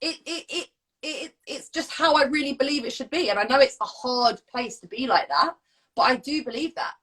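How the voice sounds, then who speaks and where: A woman's voice: sits high, moderate pace, fairly bright tone, husky. A young woman coach chatting on a live stream, blunt and frank, swearing freely and laughing often. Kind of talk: casual chat. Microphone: phone, live stream.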